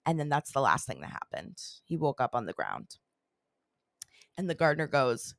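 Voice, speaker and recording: A woman's voice: very deep voice, huge pitch swings, moderate pace, creaky, long pauses, no echo, studio quality. A woman hosting a podcast, casually telling a strange story in a rambling way, full of "like" and "you know.". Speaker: podcast host.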